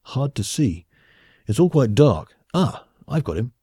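A man's voice: mid-range voice, sing-song, measured pace, dark tone, husky, dry recording, studio quality, pitched above the performer's own voice. A man voicing a pompous, blustering male space captain in an audiobook, with a bluff, clipped, commanding manner.

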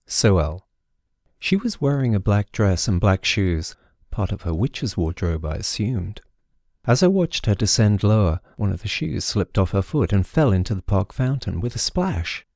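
A man reading a first-person story aloud in a wry, measured way. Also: lowish voice, sing-song, creaky, darkish tone, no room sound, clean studio sound. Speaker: narrator. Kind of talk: scripted audiobook narration.

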